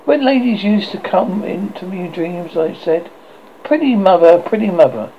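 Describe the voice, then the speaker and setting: A man's voice: high-pitched, lively intonation, moderate pace, highs cut off, slight background noise, pitched above the performer's own voice. A man voicing a trembling, guilt-struck boy. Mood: remorseful. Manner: earnest, trembling. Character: solemn, guilt-struck young boy archer.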